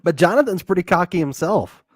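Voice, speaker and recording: A man's voice: sits high, animated, a little fast, no room sound, studio quality. A man co-hosting a casual recap podcast, joking and laughing often. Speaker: podcast co-host.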